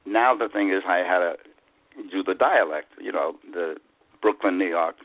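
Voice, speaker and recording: A man's voice: deep voice, moderate pace. A man in his eighties with a Boston accent, telling rambling stories as an interview guest. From USA. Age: 80s. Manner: rambling anecdotes, hesitant fillers. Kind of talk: storytelling interview. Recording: phone line.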